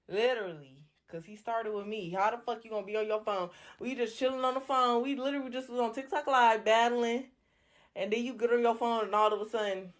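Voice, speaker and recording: A tipsy woman talks into her phone on a home livestream, slightly high-pitched and loose. She is brash and mocking and circles back to the same taunts over and over. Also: a little fast. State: drunk. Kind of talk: livestream rant. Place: home bedroom, indoors.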